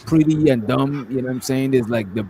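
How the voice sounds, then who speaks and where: A man's voice: mid-range voice, brisk, creaky, mellow, slight background noise. A man arguing on a live stream panel, mocking and interrupting, cutting in with "wait a minute.". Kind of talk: heated argument on a live stream.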